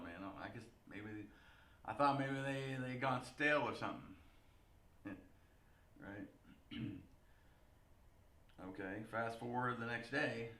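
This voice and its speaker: Rambling man with a bright, echoey voice. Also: mid-range voice. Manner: rambling, lots of "you know" and laughs. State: nasal congestion. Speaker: vlogger. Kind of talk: casual storytelling to camera.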